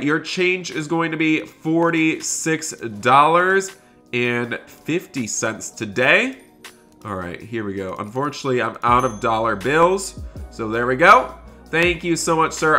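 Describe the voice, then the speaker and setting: A man hosting a gaming roleplay video as a store cashier, excitable, switching between chatting with viewers and scolding customers. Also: medium pitch.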